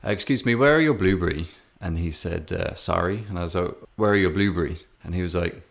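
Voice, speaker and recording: A man's voice: deep voice, quick pace, gravelly. A man with an English accent, telling a story in a rambling way with many fillers and restarts, co-hosting a podcast. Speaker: podcast co-host. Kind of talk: casual podcast chat.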